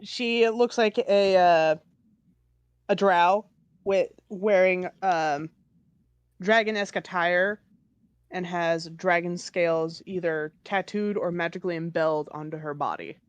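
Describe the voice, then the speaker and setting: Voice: mid-range voice, fairly even intonation, a little slow, clear, resonant tone, no room sound. A game master narrating a tabletop game, describing scenes with some hesitation and fillers.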